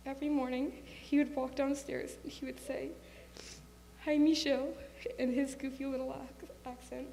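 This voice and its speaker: A woman's voice: sits high, flat delivery, normal speed, creaky, hardly any pauses, warm tone. A woman giving an earnest, plainly worded eulogy as a soul sister. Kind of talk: memorial speech. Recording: echoey hall with faint hum.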